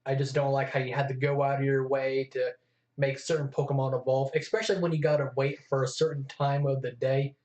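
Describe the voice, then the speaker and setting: A man's voice: medium pitch, little pitch movement, a little fast, a little mellow. A man co-hosting a casual chat, talking eagerly and freely. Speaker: co-host. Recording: echoey room, dull lo-fi sound.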